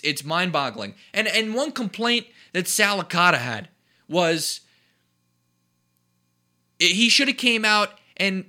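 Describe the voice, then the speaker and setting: The man has a high voice with a piercing brightness. He rants about sports in an indignant, emphatic way and hammers points home by repeating himself. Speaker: sports commentator. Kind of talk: heated sports talk rant.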